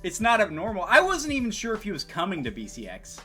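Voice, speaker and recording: A man co-hosting a casual podcast chat, his voice bright and lively with big swings in pitch. He jumps from loud, excited bursts to low, mumbled trailing words and laughs often. Faint music plays underneath. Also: quick pace. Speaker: podcast co-host.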